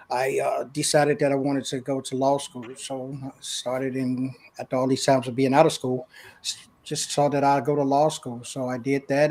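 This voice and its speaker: A man introducing himself as a consultant on a livestream panel, laughing easily and filling pauses with "uh". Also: medium pitch. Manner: warm, laughing, with many filler "uh"s. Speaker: leadership consultant, panel guest. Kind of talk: casual self-introduction.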